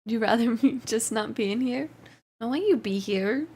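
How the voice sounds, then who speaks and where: A woman's voice: a little high, a little fast, dark tone, husky. A woman livestreamer chatting casually, reading out and answering her chat while often laughing. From Canada.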